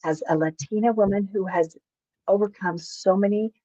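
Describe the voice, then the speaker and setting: A woman's voice: medium pitch, normal speed, warm tone, no room sound. A woman hosts a podcast interview and speaks in an earnest way as she praises her guest. She comes through a video call with dull, lo-fi sound and a dry, close feel. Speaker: podcast host. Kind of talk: interview hosting.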